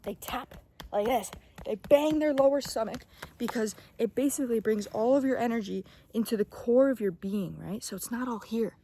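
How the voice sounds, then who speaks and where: A mellow, somewhat high-pitched young woman speaks at a moderate pace over slight background noise. In this casual motivational piece to camera she gives emphatic self-help advice, swears freely, sometimes whispers, and frequently says "okay?"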